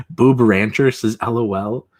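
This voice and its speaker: A man's voice: medium pitch, takes it slowly. A man hosting a casual livestream, reading chat comments aloud and telling stories with lots of laughter. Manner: animated, laughs often, mimics callers. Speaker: livestream host.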